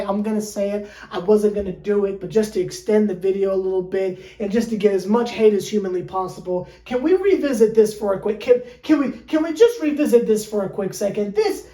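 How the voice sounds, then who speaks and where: A woman's voice: mid-range voice, dark tone, roomy sound. A woman sports fan vlogger ranting in an exasperated, theatrical way, with lots of rhetorical questions. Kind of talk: fan reaction rant.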